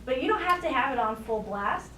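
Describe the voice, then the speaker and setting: Female guest conductor, high voice, upbeat coach; roomy, distant, noisy rehearsal-room sound. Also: expressive, fairly quick, sharp tone. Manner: encouraging, explains with everyday comparisons. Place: school band rehearsal room.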